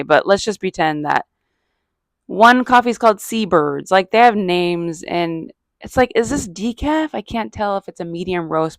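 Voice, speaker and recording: A woman's voice: fairly low pitch, no room sound. A middle-aged woman from Arizona, a comedian hosting her own podcast, talking in a chatty, self-mocking ramble that wanders off topic. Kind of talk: casual rambling monologue.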